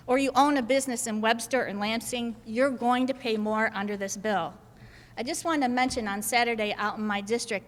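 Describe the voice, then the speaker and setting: Woman, state senator, press conference speech, emphatic, repetitive lists, fairly high voice, long hall reverb. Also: a bit bright. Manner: emphatic, builds points in repeated lists. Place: indoor government building hall.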